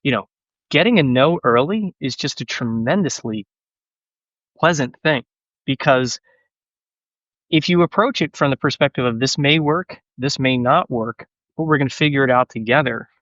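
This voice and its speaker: A man chats casually as a podcast guest, talking about sales with lively, self-mocking stories. His voice sits in a middle register. The recording is dry and a little muffled. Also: medium pitch, normal speed, no echo. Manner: animated, self-deprecating storytelling.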